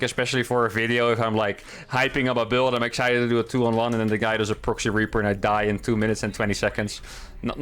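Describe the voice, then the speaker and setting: A man talks through his own match while he plays it, in casual, upbeat commentary. His voice sits at an ordinary middle pitch, and he thinks out loud in a relaxed, chatty way. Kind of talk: casual live game commentary.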